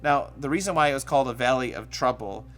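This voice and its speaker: A man preaching a sermon in a conversational way, sometimes acting out quoted voices with sudden loud bursts. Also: mid-range voice, quick pace. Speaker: pastor. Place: church stage.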